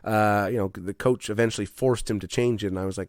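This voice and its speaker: A man's voice: lowish voice, steady tone, fast, no echo, clean studio sound. A man hosting a solo comedy podcast from his garage, rambling, self-deprecating and swearing often. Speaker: podcast host. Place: home garage.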